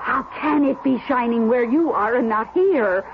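An actress playing a lonely, nervous widow in a 1970s radio drama, fluttery and easily startled. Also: female voice, fairly high pitch, moderate pace, noisy background, lightly acted. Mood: chatty. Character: lonely widow, middle-aged, nervous and chatty. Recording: tinny lo-fi radio recording with music.

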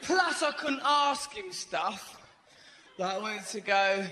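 A man's voice: high-pitched, slow pace, some chatter behind. A man performing live stand-up comedy, telling rambling stories full of "right?" asides. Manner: animated, rambling storytelling with frequent "right?" asides. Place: theatre stage before a live audience. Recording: echoey live hall, audience noise.

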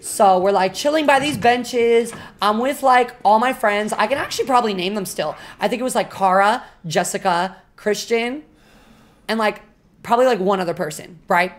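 A young woman streamer telling a story to her chat, animated and full of swearing and fillers. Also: medium pitch, normal speed. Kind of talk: casual storytelling to a live chat.

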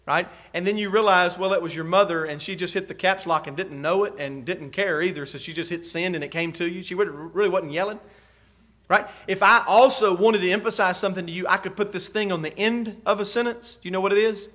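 A pastor preaches in a fairly high voice. He drops to near-quiet, then rises to loud emphasis, and keeps putting questions to his listeners. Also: steady tone, a little fast. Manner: preacher's rhetorical questions, swings from soft to loud. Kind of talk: sermon.

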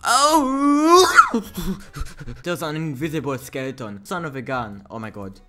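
A man giving casual, excitable commentary while playing a video game, yelping and laughing as he goes. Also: mid-range voice, measured pace, heavy background noise. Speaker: gaming YouTuber. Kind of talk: Minecraft gameplay commentary.

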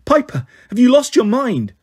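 A man's voice: sits high, expressive, normal speed, slightly rough, voice pushed up. Man doing a rattled, anxious teenage girl. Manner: stammering, urgent.

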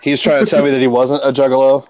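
A man's voice: medium pitch, little pitch movement, rapid-fire, darkish tone. Joking man on dull call audio. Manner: joking storyteller, laughs at his own jokes. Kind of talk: casual group chat.

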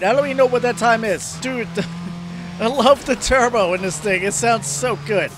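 A man hosting a let's play of a racing game, excitable, yelping and cursing at the game and joking about his own driving. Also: extremely high pitch, normal speed. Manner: self-deprecating joking. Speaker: gaming video host. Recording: game music behind.

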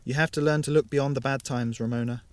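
Man as a weary, gruff male commander. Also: medium pitch, fairly even intonation, quick pace, natural voice. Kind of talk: audiobook character voice.

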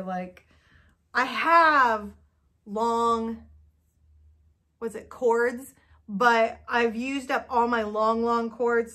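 A woman hosts a knitting podcast video, chatting to camera in a casual, nervous way. Her voice is a little high, bright and forceful, and she sounds self-doubting, using lots of fillers.

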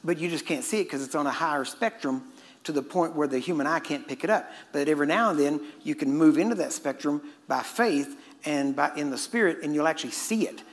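A middle-aged preacher from Texas, delivering a sermon in a fast, joking, conversational way. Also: male voice, on the high side. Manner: fast-talking and joking with the audience.

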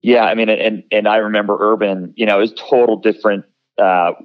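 A man's voice: on the low side, dull audio. A man in his thirties, a former college football player, telling stories in an interview, with many restarts and fillers. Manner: halting, many restarts and fillers, lively when quoting others. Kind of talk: conversational interview storytelling.

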